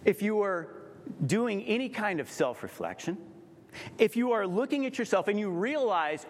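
A man's voice: high-pitched, sing-song, normal speed. A man preaching a sermon in a conversational way, acting out quoted voices as he explains scripture. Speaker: pastor. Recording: long hall reverb.

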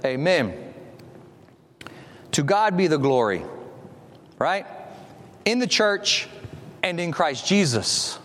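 Male pastor, high-pitched and very animated, preaching in a church hall with long reverb. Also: slow, long pauses. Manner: animated, stretches key words, shifts into reading scripture. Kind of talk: sermon.

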